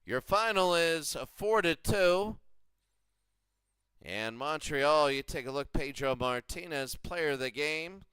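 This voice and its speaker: A man's voice: fairly high pitch, animated, slow, bright, forceful tone, smooth, dry recording. A man doing casual play-by-play and recaps of a simulated baseball league, rambling and repeating himself as he goes. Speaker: video game commentator.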